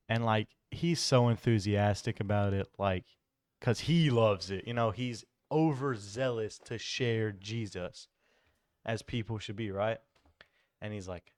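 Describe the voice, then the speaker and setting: A man's voice: on the low side, unhurried, long pauses, darkish tone, no echo, studio quality. A man co-hosting a podcast, talking casually and rambling with lots of fillers. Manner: rambling, enthusiastic, many fillers. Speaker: podcast co-host. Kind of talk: casual chat.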